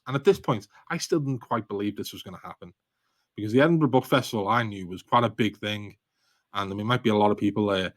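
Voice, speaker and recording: This is a casual podcast interview with a guest author, a Liverpool native with a Scouse accent who rambles through stories, pokes fun at himself, and laughs frequently. His voice is on the low side, recorded without echo.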